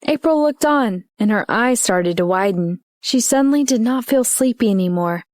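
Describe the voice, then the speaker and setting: A woman narrating an audiobook in an even, steady reading voice. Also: a little high, normal speed, hardly any pauses, no echo, clean studio sound. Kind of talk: scripted narration.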